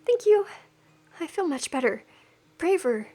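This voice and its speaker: A woman's voice: very high voice, very animated, measured pace, mellow, pitched above the performer's own voice, full character voice. A woman voicing a timid young adventurer in a game, talking eagerly and gratefully. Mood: earnest. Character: timid young adventurer setting off on first quest, nervous but hopeful.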